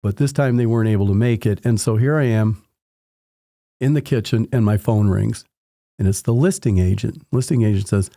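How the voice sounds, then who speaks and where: A man's voice: on the low side, moderate pace, dry recording, clean studio sound. A man, a home inspector, telling anecdotes from his work in a conversational way and acting out the dialogue. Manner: animated anecdotes with acted-out dialogue. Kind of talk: conversational storytelling.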